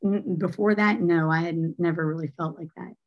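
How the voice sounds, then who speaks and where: A woman's voice: fairly low pitch, steady tone, brisk, muffled recording. A woman telling a personal story as an interview guest, candid and chatty with lots of fillers. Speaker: guest, former basketball coach.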